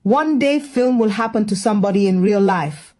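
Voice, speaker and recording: A woman's voice: mid-range voice, normal speed, warm tone, close to an everyday voice. A woman voicing a bossy, meddling middle-aged auntie, preachy and scolding with dramatic exclamations.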